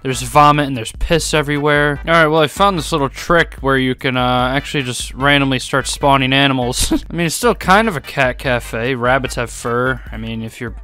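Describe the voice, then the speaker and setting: A man's voice: mid-range voice, moderate pace, few pauses, bright, forceful tone, faint music behind. A man commenting sarcastically on a video game as he plays, laughing often and feigning outrage. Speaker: gaming streamer.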